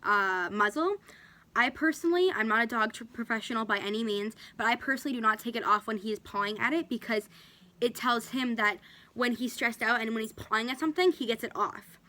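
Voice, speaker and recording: A fairly high, slightly fast voice with a bright, forceful tone belongs to a woman doing a casual dog-training demo indoors at home. She talks through the steps chattily and speaks to her dog between them.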